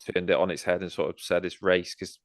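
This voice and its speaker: A man's voice: deep voice, little pitch movement, quick pace, no echo, studio quality. A man co-hosting a podcast, answering quiz questions in a rambling casual way and laughing easily. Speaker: podcast co-host. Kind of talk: casual chat.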